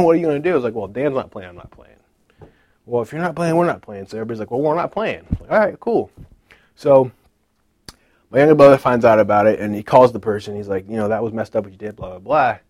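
Man telling a lively personal faith story. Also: no echo. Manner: animated retelling, acting out dialogue with lively pitch jumps. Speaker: speaker sharing a personal testimony. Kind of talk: casual storytelling testimony.

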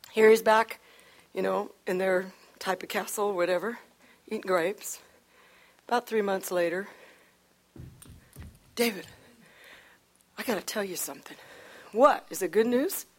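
A woman preacher telling a Bible story in a chatty, animated way with frequent laughs and asides. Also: fairly high pitch. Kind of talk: sermon storytelling.

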